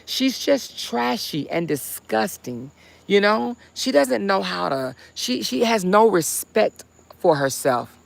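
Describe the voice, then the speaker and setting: A woman's voice: medium pitch, big pitch swings, slow, gravelly. A woman hosting a casual livestream, talking bluntly and heatedly with chatty asides. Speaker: livestream host.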